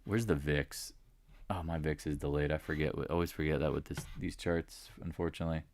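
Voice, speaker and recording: Low-voiced man rambling about markets. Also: flat delivery, a little fast, darkish tone, no echo. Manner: rambling, emphatic, repeats points. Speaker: stock market livestream host. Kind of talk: casual live market commentary.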